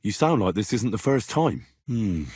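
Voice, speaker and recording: A man voicing a young medieval commoner hero, blunt and quick to swear when angered, with a husky voice. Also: fairly low pitch, big pitch swings, a little mellow, dry recording, clean studio sound. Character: young male medieval blacksmith's son, blunt and hot-tempered. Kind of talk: video game voice lines.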